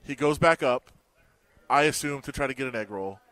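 On a sports radio show, this co-host swaps stories in casual sports talk, voicing the people he quotes. He speaks at medium pitch and a moderate pace, with no room sound. His storytelling is animated, with quoted dialogue acted out.

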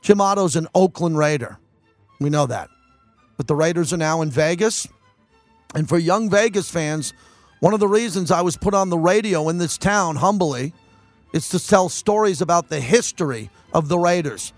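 Higher-voiced male sports radio host. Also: expressive, moderate pace, no echo, faint music behind. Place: radio studio. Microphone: studio mic.

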